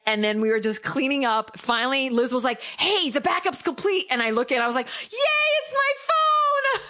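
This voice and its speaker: A woman's voice: a little high, quick pace, a bit bright. A woman telling a long story in casual chat, acting out the people she quotes and laughing often.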